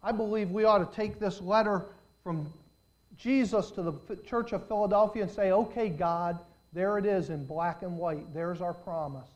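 A man preaching a sermon as pastor, swelling into loud, stretched-out emphasis and then dropping back to a conversational tone. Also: high voice, highs cut off. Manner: preaching with surges of volume and drawn-out emphasis.

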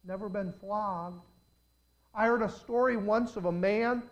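A man's voice: high-pitched, unhurried, muffled recording. An older man preaching a sermon, telling dramatic stories and putting questions straight to his congregation.

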